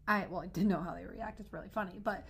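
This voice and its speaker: A young adult woman co-hosting a podcast, telling a personal story in casual chat, animated and full of "like" fillers. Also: medium pitch, quick pace, creaky, slightly rough. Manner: animated, frequent "like" fillers, rising into excited retelling. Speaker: podcast co-host.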